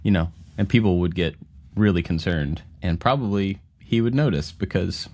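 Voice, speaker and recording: A man's voice: deep voice, moderate pace, darkish tone. A man hosting a casual podcast chat, teasing his co-hosts and laughing often. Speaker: podcast co-host.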